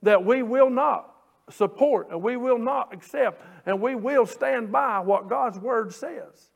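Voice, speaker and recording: A pastor delivers a sermon from the pulpit. His voice sits notably high for a man. He leans on drawn-out scripture lines and builds his emphasis as he preaches. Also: creaky. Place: church sanctuary.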